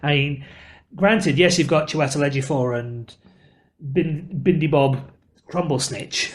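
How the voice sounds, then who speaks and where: A man's voice: a little high, a little slow. A man with an English accent co-hosting a casual podcast, opinionated and wordy, with a joking side. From England. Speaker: podcast co-host.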